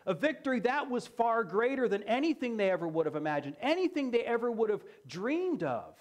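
A man's voice: very high-pitched, sing-song, a little fast. A man preaching a sermon as pastor, emphatic and repeating key phrases for effect.

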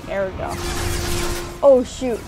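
A woman's voice: medium pitch, slow pace, vocal fry, over music. A woman doing gameplay commentary at home, chatty and grumbling at the game and the controller. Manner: chatty, scolds the game, soothes her dog. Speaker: let's play host. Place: home room.

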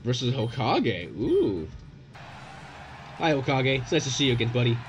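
A young man commentating his own gameplay, excitable and profane, yelling at the game in bursts. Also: mid-range voice, moderate pace. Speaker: gaming YouTuber. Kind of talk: let's play commentary. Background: game music.

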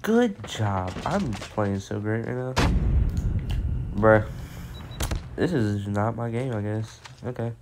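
A man giving casual, excitable gameplay commentary, full of slang and self-mocking trash talk, with game gunfire behind him. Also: on the low side, slow pace, pauses often, noisy background. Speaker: gameplay streamer. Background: game gunfire and explosions.

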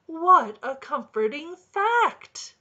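A woman voicing a cheerful, earnest little male robin who speaks in a bright and encouraging way. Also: mid-range voice, big pitch swings, takes it slowly, lo-fi sound, exaggerated voice. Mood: cheery, earnest.

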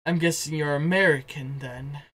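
Man voicing a calm scheming scientist. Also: on the high side, moderate pace, husky. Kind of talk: tabletop role-play voicing.

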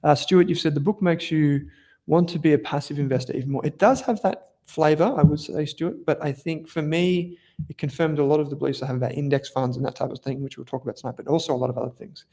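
A man's voice: on the high side, steady tone, fast, warm tone. An Australian man hosting a casual investing livestream, chatting loosely with viewers, rambling and correcting himself as he goes. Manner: chatty, rambling, self-correcting, informal slang. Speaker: livestream host, investment analyst. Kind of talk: casual live-stream talk, reading viewer comments.

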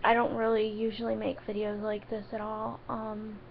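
A tearful woman pleading in a vlog, halting with many ums and restarts and on the verge of crying. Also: mid-range voice, monotone, vocal fry, slight background noise. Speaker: vlogger. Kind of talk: emotional direct-to-camera vlog. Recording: dull lo-fi sound.

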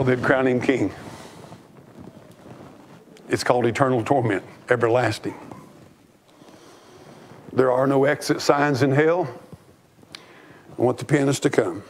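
A fervent man preaches a sermon with a gravelly, fry-edged voice at a middling pitch. He drives his points home by repeating phrases. A faint hiss of noise sits under the church recording. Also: fairly even intonation, measured pace, long pauses. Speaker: pastor.

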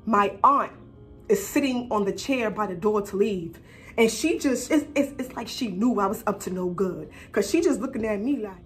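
A young woman vlogger telling a personal story in a casual, animated, profane and slangy way. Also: mid-range voice, moderate pace, faint music behind.

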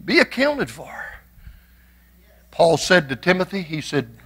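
A male pastor's sermon, delivered in a bright, edgy voice set a little high. He moves between down-home storytelling and soaring, shouted exhortation. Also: very animated, slow pace, long pauses, a little hiss or hum. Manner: shouting, preaching with rising passion; folksy storytelling with humor.

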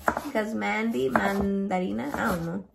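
A woman's voice: on the high side, normal speed, over music. A young woman filming a casual cooking vlog in her home kitchen. She is playful and swears a lot, and she drops Spanish words into her English. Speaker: home cook vlogger. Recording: clear noise of chopping and clicks.

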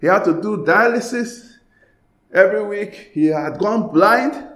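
A man from Ghana preaching a sermon as pastor, swinging between loud passionate bursts and hushed pleading. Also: high-pitched, lively intonation, unhurried, roomy sound.

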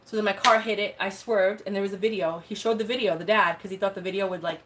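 A young woman talks casually to her livestream viewers in an animated, slang-filled way. Her voice sits at a middle pitch. She jumps between stories with lively asides. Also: quick pace, background noise. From United States. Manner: chatty, animated storytelling with slang. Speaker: live sale host.

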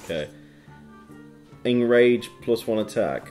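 A gaming channel host chats his way through a card game, reading card text aloud and tossing in goofy sound effects. His voice sits fairly low for a man, yet his intonation is lively. He talks at an unhurried pace over faint background music. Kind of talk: casual game commentary.

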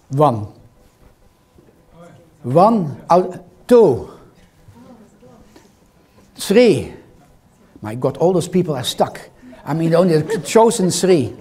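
An older man with a foreign accent lectures in a hall, teasing the audience and quizzing them as he goes. His voice is fairly high and warm, suiting this interactive lecture.

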